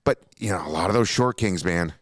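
A deep-voiced man from Minnesota hosts a podcast, talking fairly quickly with clean studio sound and no echo. He tells a long story in an animated, casual, swear-filled way, launching into quotes he acts out.

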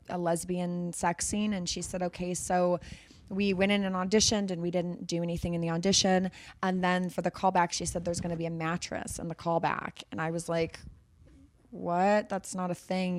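Low-voiced actress telling a story. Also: female voice. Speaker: actress guest. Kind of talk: casual chat.

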